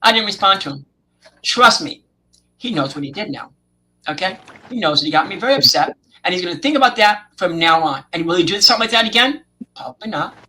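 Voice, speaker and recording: Bright-voiced man telling stories, emphatic. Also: high voice, animated, low-quality recording. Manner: storytelling, drawn-out emphasis, frequent "okay?". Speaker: podcast co-host. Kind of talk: casual podcast chat.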